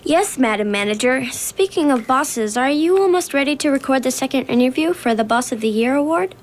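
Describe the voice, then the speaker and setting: A woman's voice: high voice, lively intonation, brisk, a little hiss or hum. An actress playing a polite, anxious young assistant who hesitates when she is unsure, in a children's radio drama. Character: nervous, dutiful young woman assistant.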